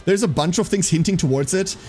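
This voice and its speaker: A man with a German accent, German native speaker, chatting casually on a gaming stream and cheering on races like an excited commentator. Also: high voice, fairly quick. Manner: chatty, excitable, jokey, slips into hyped race commentary.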